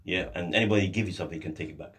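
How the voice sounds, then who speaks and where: A man's voice: low voice, rapid-fire, a bit bright. A man guesting on a radio talk show, patiently explaining ideas with examples like a teacher, his voice a little distant from the mic in a studio. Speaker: guest lecturer on African history.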